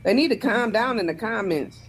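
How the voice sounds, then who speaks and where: A woman's voice: a little high, expressive, brisk, a little hiss or hum. A woman calling in to a talk show, deferential and rambling as she defends her questions. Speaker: caller. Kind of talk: call-in conversation.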